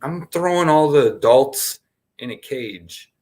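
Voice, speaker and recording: A man's voice: mid-range voice, lively intonation, slow pace, darkish tone. Guy hosting a chill spiritual hangout, goofy and rambly, laughs a lot. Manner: playful, laughs often, jumps between topics. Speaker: spiritual session host. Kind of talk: casual rambling spiritual talk.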